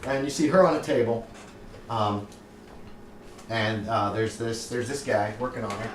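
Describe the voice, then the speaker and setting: A man's voice: on the low side, a little slow, noisy background. A man narrating as game master, hesitant and full of ums, recorded from across a room. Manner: hesitant, many ums and restarts. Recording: echoey room from far off.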